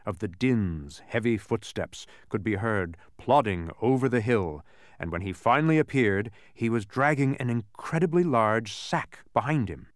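A man narrating a storybook in an expressive, sing-song reading. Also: fairly low pitch, measured pace, dry recording, studio quality.

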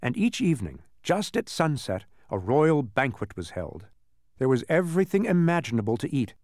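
A man reading a children's storybook aloud as narrator, in an expressive way. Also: mid-range voice, normal speed, dry recording, studio quality.

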